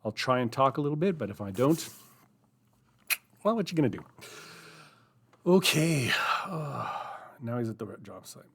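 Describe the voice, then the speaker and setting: A man's voice: medium pitch, big pitch swings, normal speed, pauses often, breathy edge. A man hosting a live writing session, chatting casually and thinking aloud as he types, rambling and self-deprecating. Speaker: writing group host. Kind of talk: casual live-stream chat while writing.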